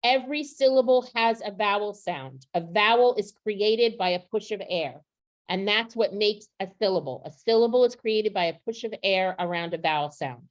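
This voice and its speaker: A woman's voice: medium pitch, moderate pace, highs cut off. A middle-aged woman training teachers on vocabulary instruction, practical and asking the audience questions. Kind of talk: professional development workshop.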